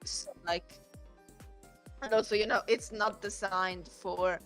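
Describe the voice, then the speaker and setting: A woman chatting casually, quiet and hesitant, often trailing off mid-sentence. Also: medium pitch, steady tone, slow, pauses often, faint music behind. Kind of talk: casual chat.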